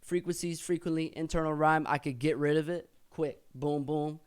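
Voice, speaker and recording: With a clear, resonant voice pitched on the high side, fairly even in intonation and moderate in pace, a man older than he was explains his own rap lyrics. The talk is casual and profane, includes rapped excerpts, and he corrects himself while thinking aloud.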